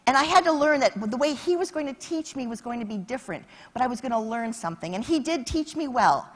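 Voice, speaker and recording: High, animated woman giving a keynote. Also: fast talker. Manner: energetic, animated, acts out quotes. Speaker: motivational keynote speaker. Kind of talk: keynote speech with storytelling. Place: conference stage.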